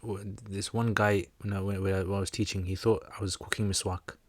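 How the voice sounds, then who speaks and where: Relaxed low-voiced man hosting a livestream. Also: a little fast, dry recording. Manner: relaxed, joking, reads out viewer comments. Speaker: Islamic teacher answering viewer questions. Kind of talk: casual livestream Q&A.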